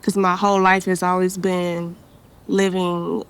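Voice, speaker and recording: A young woman, chatting casually as an interview guest, relaxed and slangy, laughing often. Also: lowish voice, a little slow, clear, resonant tone. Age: young adult.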